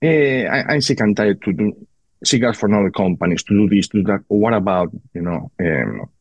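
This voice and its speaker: Husky Spanish-accented man. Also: lowish voice, lively intonation, no echo, dull audio. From Spain. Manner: halting, repeats words. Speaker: guest, cigar maker. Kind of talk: casual podcast interview.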